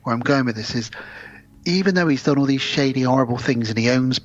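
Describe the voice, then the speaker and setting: A man's voice: mid-range voice, quick pace. A man co-hosting a podcast, animatedly retelling a film and acting out its lines. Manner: animated, acts out film lines in put-on voices. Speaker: podcast co-host. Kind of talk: casual film discussion. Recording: slightly dull lo-fi sound.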